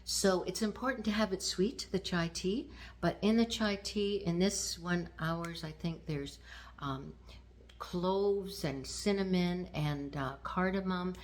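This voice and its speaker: A woman in her sixties from Canada, hosting her own vlog and talking to the camera in a gentle, unhurried way with fillers. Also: on the low side. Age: 60s. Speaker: vlog host. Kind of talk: casual talk to camera.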